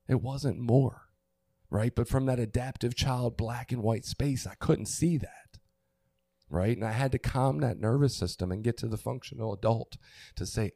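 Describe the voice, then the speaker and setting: A man's voice: medium pitch, normal speed, creaky, warm tone, dry recording, studio quality. A middle-aged man on a podcast, candidly telling a personal story with frequent restarts, getting emotional. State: tearful, emotional. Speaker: podcast co-host. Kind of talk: casual chat.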